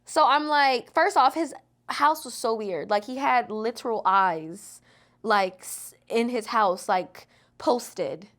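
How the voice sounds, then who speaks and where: A woman's voice: on the high side, slow pace, fairly bright tone. A young woman chatting casually as a podcast guest, telling stories with many fillers and laughs. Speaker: guest, content creator.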